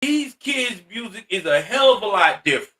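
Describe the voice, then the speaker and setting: A man's voice: high-pitched, big pitch swings, moderate pace, sharp tone, distant mic. A man ranting in blunt, profane social commentary, exasperated and direct. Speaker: commentary host.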